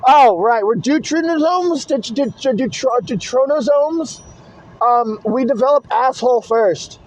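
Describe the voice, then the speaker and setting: An extremely high-pitched male voice, a little slow, belongs to a vlogger rambling in his car. Blunt and swearing all the time, he's recorded casually on a phone camera set in a car holder, giving dull, lo-fi audio.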